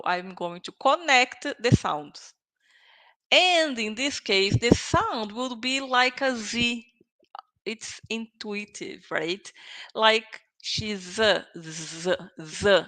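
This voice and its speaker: A woman's voice: a little high, expressive, takes it slowly, a bit bright. A woman with a Brazilian Portuguese accent teaching English vocabulary, patiently repeating phrases to drill pronunciation. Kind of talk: online vocabulary lesson.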